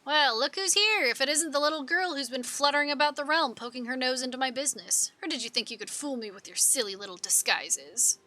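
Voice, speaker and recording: A woman's voice: high-pitched, fairly quick, hardly any pauses, sharp tone. A woman voicing a scheming villain who gloats in a theatrical way. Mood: gloating.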